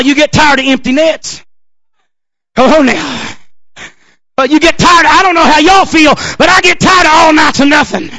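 Man, revival preacher, very high voice, rhythmic shouting cadence, dry close sound. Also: no room sound. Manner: rhythmic, shouting, drawn-out cadences with call-outs of amen. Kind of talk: revival sermon.

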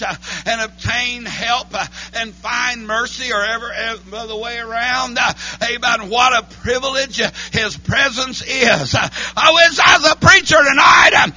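A man preaching a holiness church sermon, chanting his lines between breathy "uh, amen" beats. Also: very high-pitched, a little slow, sharp tone, shouting, low-quality recording. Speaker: pastor. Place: church sanctuary.

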